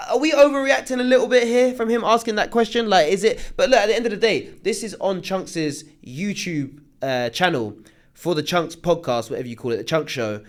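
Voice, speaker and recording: A man's voice: sits high, fairly quick. A young man, casually commenting on online drama and reading viewer comments aloud with slangy asides. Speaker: commentary host.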